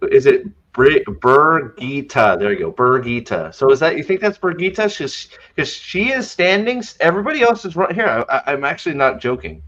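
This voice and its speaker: A man's voice: medium pitch, animated, fairly quick, few pauses, fairly bright tone, dull audio. A man hosting a podcast in a casual, sarcastic rant, stumbling over his words as he mock-retells scenes. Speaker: podcast host.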